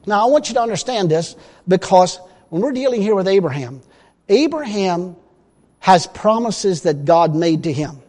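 High-voiced preacher in a hall. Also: male voice, lively intonation, moderate pace. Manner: folksy, emphatic, rising to loud declarations. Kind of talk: sermon. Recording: long hall reverb.

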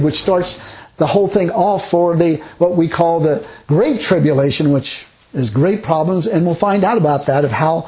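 A man's voice: fairly high pitch, mellow, poor audio. A man teaching verse by verse through scripture, reading passages aloud and explaining them in a rambling, unpolished way with frequent restarts. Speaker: Bible teacher.

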